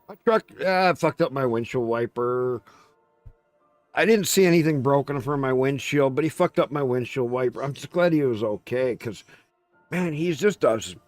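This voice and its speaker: A man chats casually on a game livestream, telling a story with animated energy and plenty of swearing. His voice sits in the middle of the male range. The mic is close and dry, with faint game music behind him. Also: mid-range voice, moderate pace, dry recording. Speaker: streamer.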